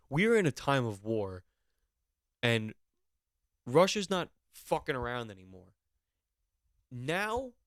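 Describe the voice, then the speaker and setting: A man hosting a podcast, going on an animated, mock-outraged comedic rant with plenty of swearing. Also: medium pitch, dry recording, studio quality. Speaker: podcast host.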